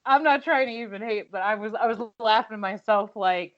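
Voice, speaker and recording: A woman's voice: medium pitch, a little fast, no room sound, lo-fi sound. A woman co-hosting a casual podcast chat, talking chattily with laughing asides. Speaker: podcast co-host.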